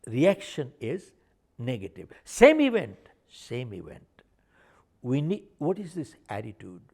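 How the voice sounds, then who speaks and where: A man's voice: medium pitch, big pitch swings, unhurried, creaky, warm tone, husky. An older man, an author and speaker, telling stories in an interview and driving his points home by repeating them. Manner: emphatic, repeats points for stress. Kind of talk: animated interview storytelling.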